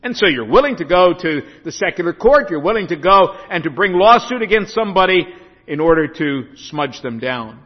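A male pastor preaching a sermon, telling stories dramatically, with big swings from loud to hushed. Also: sits high, animated, normal speed. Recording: dull echoey hall recording.

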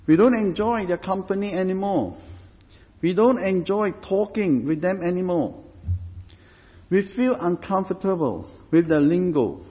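A man with a fairly high voice preaches a sermon at an unhurried, deliberate pace. He repeats phrases as he builds each point. The recording sounds dull, and a long hall reverb trails after his words.

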